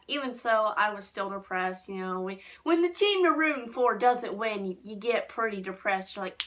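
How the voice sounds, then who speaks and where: A young woman casually reviewing an anime episode, excitable and gushing, with squeals and giggles. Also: fairly high pitch.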